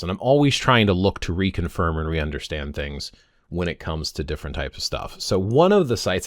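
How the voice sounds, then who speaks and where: A pagan vlogger, a man in his fifties, rambles casually to camera, stumbling over words and repeatedly correcting himself. His voice sits low with a fairly bright tone, and the clean studio sound has no room sound.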